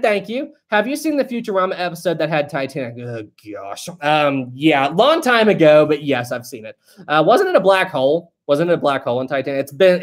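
A live-stream host chatting casually, reading viewer messages aloud, joking, laughing often and thinking out loud. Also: medium pitch.

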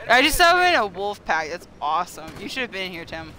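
A woman streaming live gameplay commentary, excitable and squealing, talking to the game as she plays. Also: medium pitch, fairly quick, a little hiss or hum.

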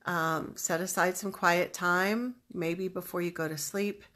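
A woman spiritual teacher guiding listeners through a calm energy exercise, speaking slowly and stressing spoken declarations. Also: fairly low pitch. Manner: slow, soothing, emphatic declarations. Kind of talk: guided energy practice instruction. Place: home, livestreamed online event. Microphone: webcam or computer mic.

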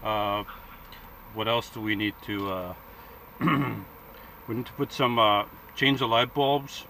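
A man's voice: on the low side, slow pace, gravelly, bright, forceful tone, a little hiss or hum, exaggerated voice. A man playing a bossy Air Force captain who blusters and stalls with fillers as he gives orders. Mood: blustering.

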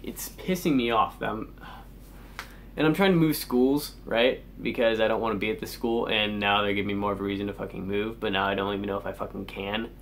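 A man's voice: on the low side, slight background noise. A teenage boy ranting angrily in a vlog, swearing constantly and sighing in exasperation. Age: teens. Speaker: vlogger.

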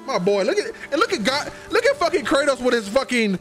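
A young man with a high, very lively voice, reacting to a video game as he plays. He is excitable and profane, and breaks into loud outbursts between bouts of joking banter. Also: brisk, faint music behind.

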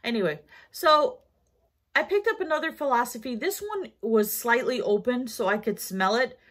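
A woman's voice: fairly high pitch, animated, moderate pace, fairly bright tone. A tired woman with a New York accent, rambling through a casual shopping haul vlog with lots of fillers and self-corrections. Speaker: haul vlogger.

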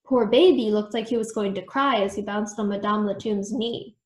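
A woman reading a children's book aloud with expressive storybook narration. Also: mid-range voice, moderate pace, reverberant. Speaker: storytime reader.

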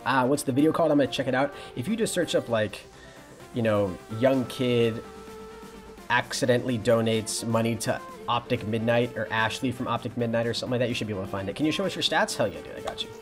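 Fast-talking young male game streamer. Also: mid-range voice, soft background music. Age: young adult. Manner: relaxed, chatty, reads and answers chat. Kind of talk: casual live-stream chat while playing.

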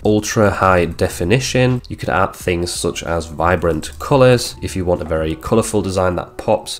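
A man hosting a screen-recorded software tutorial, explaining each step plainly as he walks through the clicks. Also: low voice. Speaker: tutorial host.

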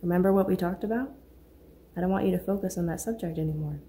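Audiobook role: attentive, controlling husband, soft-spoken and smooth, played by a woman reader. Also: on the low side, fast, slight background noise, lightly acted. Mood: coaxing. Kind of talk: audiobook character voice.

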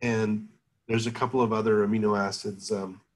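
Husky, low-voiced man lecturing hesitantly. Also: flat delivery, moderate pace, low-quality recording. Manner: hesitant, thinking aloud with many fillers. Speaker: chemistry lecturer. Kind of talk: university lecture over a video call. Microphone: computer mic on a video call.

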